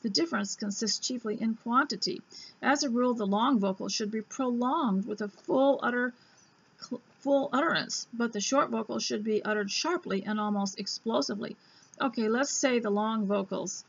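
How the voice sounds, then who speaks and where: A woman host reading an old school reader aloud, breaking off into chatty asides and admitting she talks too fast. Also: on the high side, creaky, husky, dry recording. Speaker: homemaking radio host. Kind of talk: casual reading lesson. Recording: dull lo-fi recording.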